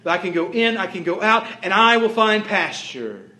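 A man's voice: high-pitched, expressive, normal speed, bright, forceful tone, roomy sound. A man pastor preaching a sermon with emphatic, repetitive phrasing that rises and falls in force.

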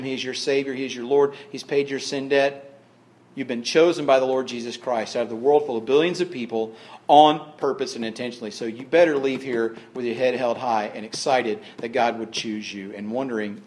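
In a medium-pitched voice, a man preaches as pastor with homespun repetition of phrases for emphasis, shifting from quiet, hushed moments to loud declarations.

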